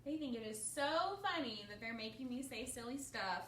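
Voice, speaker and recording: A woman's voice: on the high side, moderate pace, slight background noise. A woman librarian reading a picture book aloud at storytime, asking the listeners questions as she goes. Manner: animated, asks listeners questions. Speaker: children's librarian. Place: library children's room. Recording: echoey room, distant mic.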